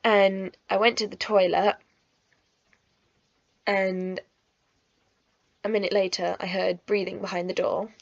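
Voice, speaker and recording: A woman's voice: medium pitch, little pitch movement, slow pace, vocal fry, long pauses, dry recording, lo-fi sound. Emotional young woman telling a story. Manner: emotional, giggly, chatty with many likes. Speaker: vlogger. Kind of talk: storytime vlog.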